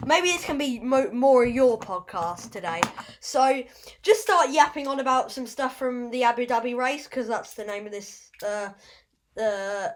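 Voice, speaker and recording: A woman hosting a casual podcast, rambling and fumbling over her words with self-deprecating asides. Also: on the high side. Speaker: podcast host.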